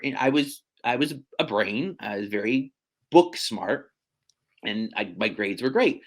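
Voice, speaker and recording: A man, a real estate agent chatting as a podcast guest, animated and self-deprecating with quick asides. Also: medium pitch. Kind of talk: casual podcast conversation.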